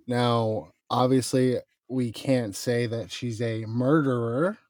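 A man's voice: medium pitch, steady tone, takes it slowly, a little mellow, dry recording. Conversational male podcast host, dry. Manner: conversational, filler-heavy with "you know". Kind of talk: casual chat.

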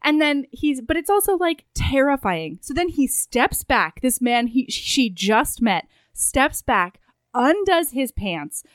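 Woman giggling thru a book recap, high-ish voice, dry close sound. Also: slow pace, dry recording. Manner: giggly, animated retelling with quoted voices. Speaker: podcast co-host. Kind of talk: casual comedic chat recapping a book.

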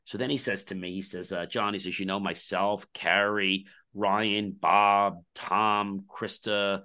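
Smooth and lowish, this man's voice moves a little slowly as he shares a long story during a podcast conversation. The company founder plays out the dialogue of everyone involved, telling it with lively animation.

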